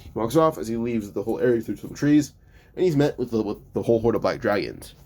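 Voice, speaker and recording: Low-voiced guy rambling thru a fan story, keeps tripping and fixing his words. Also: lively intonation, fast talker, dark tone, a little hiss or hum. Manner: loose, stumbling, self-correcting retelling. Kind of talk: casual fan-story narration.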